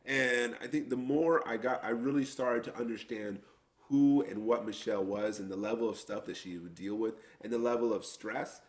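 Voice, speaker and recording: Co-hosting a casual podcast chat, this middle-aged man from the United States speaks in a mid-range voice at normal speed. He's an animated storyteller who laughs and acts out people's quotes.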